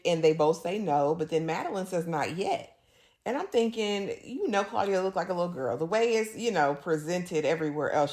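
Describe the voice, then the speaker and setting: A woman hosting a casual episode recap, sassy and animated, acting out the characters' lines as she goes. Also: sits low.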